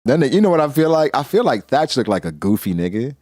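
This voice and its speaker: A man's voice: mid-range voice, sing-song, fast talker, a little mellow, dry recording, clean studio sound. A man hosting a casual manga reaction, talking animatedly in heavy street slang and laughing often.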